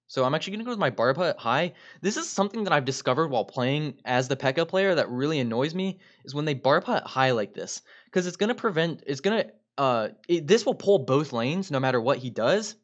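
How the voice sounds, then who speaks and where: A man's voice: on the high side, animated, fairly quick, hardly any pauses, lo-fi sound. A man giving upbeat play-by-play commentary on his own gameplay as a video creator, often turning to address his viewers directly.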